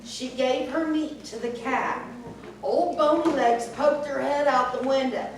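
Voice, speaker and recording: A woman reading a folk tale aloud in a slow, expressive way, heard from far off in an echoey event hall. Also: sits high, a little hiss or hum. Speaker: storyteller. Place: event hall at a senior center fair.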